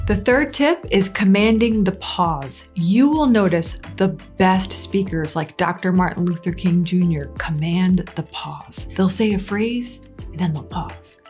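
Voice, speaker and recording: Middle-aged woman, speaking coach, lively direct-to-camera delivery, asks questions, faint music underneath. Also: unhurried. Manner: energetic, asks the viewer questions, drops her voice low on key points.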